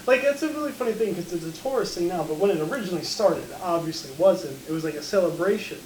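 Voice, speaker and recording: A man joining a casual podcast chat, talking in a lively, playful way. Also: sits high, quick pace, distant mic. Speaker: podcast co-host. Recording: roomy echo, faint hiss.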